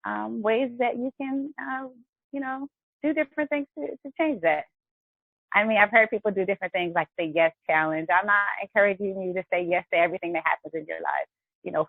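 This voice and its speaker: A woman's voice: medium pitch, no echo, narrow, tinny audio. Upbeat woman hosting a wellness show. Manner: chatty and encouraging, often addresses viewers as guys. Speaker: host of a health and wellness show. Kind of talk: upbeat live-stream talk.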